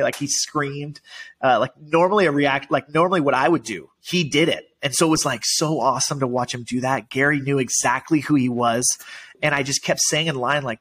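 A man in casual conversation as a podcast guest, telling a story in an excited, emotional way, full of "like" and "dude". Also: mid-range voice, moderate pace.

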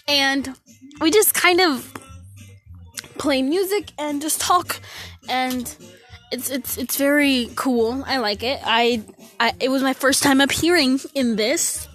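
A woman's voice: high-pitched, slow, fairly bright tone. A fourteen-year-old girl hosting her podcast from her bedroom into a phone, out of breath, rambling and losing her train of thought. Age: teens. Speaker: podcast host. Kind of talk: casual solo podcast chat.

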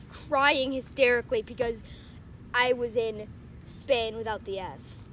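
High-pitched young woman, giggly, rambling story with lots of "like", faint noise behind. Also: a little slow, a bit bright. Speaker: co-host. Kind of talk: casual chat.

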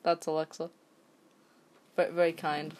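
A woman's voice: sits low, little pitch movement, a little slow, a little mellow. A woman from England, casually reading an online story aloud and breaking off into rambling, sweary asides and stumbles. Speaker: story reader.

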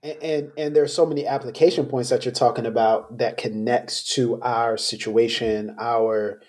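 A man's voice: medium pitch, steady tone, moderate pace, darkish tone. A man hosting a podcast interview, talking reflectively in a casual way, thinking aloud and trailing off into questions. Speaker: podcast host.

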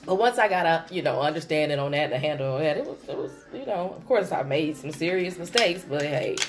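A woman co-hosting a casual chat, an animated storyteller who laughs often. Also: sits low, fairly quick, faint music behind.

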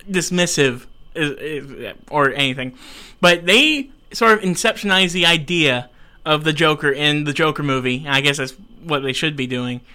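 A man's voice: a little high, bright, forceful tone, clear, resonant tone. A young man hosting a live show in casual chat, rambling and frustrated by technical trouble. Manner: frustrated, rambling, self-mocking. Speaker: show host.

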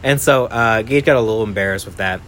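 Low-voiced young man telling stories casually. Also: fast, a bit bright, a little hiss or hum. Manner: rambling, peppered with "like" and "right?". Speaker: podcast host. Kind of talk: casual storytelling.

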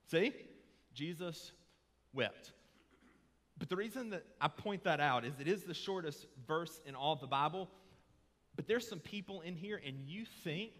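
A preacher delivers his sermon in a conversational way, then swells into fervent, emphatic appeals. His voice sits a little high and rings bright and forceful. The sound carries the long reverb of a church hall. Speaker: pastor. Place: church sanctuary.

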